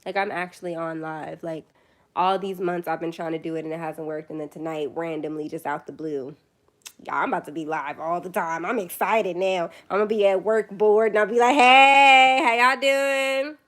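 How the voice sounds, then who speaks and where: A woman's voice: deep voice, fairly even intonation, brisk, darkish tone. A young woman chatting casually on her first phone livestream, tired late at night, rambling and self-deprecating.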